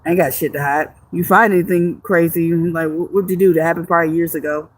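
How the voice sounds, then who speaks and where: Talking fast in a lowish voice with fairly even intonation, a woman reads viewer comments during a casual livestream. Her chat is rambling and full of restarts, and she jokes and curses freely.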